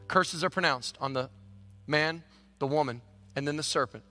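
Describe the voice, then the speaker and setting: A man preaching a sermon as pastor, swinging between hushed, quiet stretches and shouted peaks. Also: a little high, normal speed, faint music behind.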